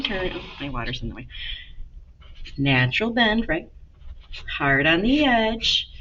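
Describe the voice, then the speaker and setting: A chatty woman teaching a drawing lesson to children, encouraging and talking right to them. Her bright, fairly low voice swings up and down a lot. The laptop recording sounds a little muffled, with faint hum behind her. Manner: chatty, encouraging, talks to students directly. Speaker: art teacher. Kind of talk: casual drawing lesson for kids.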